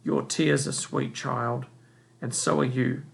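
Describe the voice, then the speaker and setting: A man reading aloud and voicing a gentle, sorrowful old woman cook in a soft, slow, consoling way. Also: medium pitch, steady tone, creaky. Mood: tender.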